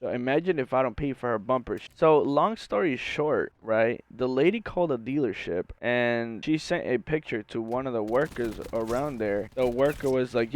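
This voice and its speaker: A man's voice: mid-range voice, expressive, moderate pace, hardly any pauses. A young man, a university student, telling a rambling casual story full of slang and fillers. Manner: rambling, slangy, says bro and like a lot. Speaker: university student and gaming channel host.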